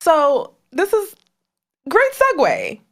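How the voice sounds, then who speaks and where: A young woman from Trinidad co-hosts a relaxed podcast conversation. Her voice swings widely in pitch as she jokes and laughs between points. The talk is loose and friendly. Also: slow. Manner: animated, laughs often, playful asides. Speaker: podcast co-host. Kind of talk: casual chat.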